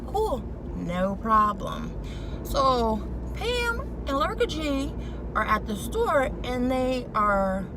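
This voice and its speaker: A woman's voice: high-pitched, slow. Sassy woman recapping reality TV. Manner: opinionated, sassy, colloquial, animated. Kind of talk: casual episode recap. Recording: clear background noise, vehicle sounds.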